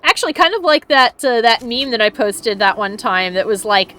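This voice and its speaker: Woman let's-player, lively pitch swings, chatty and amused. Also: normal speed, hardly any pauses, a little hiss or hum. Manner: chatty, laughs often, reads notes aloud. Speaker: let's play streamer. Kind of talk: casual gameplay commentary.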